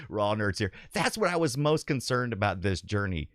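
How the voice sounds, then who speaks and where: A man chats casually through a livestream, reacting to viewer comments with frequent laughter. His voice is mid-pitched but swings widely up and down as he talks. The sound is dry and close, with faint music underneath. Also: dry recording. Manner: animated, chatty, laughs often, reads viewer comments aloud. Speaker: livestream host.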